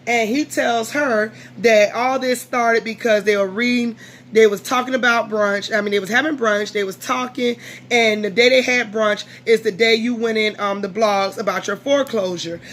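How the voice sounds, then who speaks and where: A woman's voice: on the high side, moderate pace, slight background noise. A tired woman vlogger recapping a reality show in casual, blunt, profane chat, acting out what people said. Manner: blunt, profane, animated recap with quoted voices.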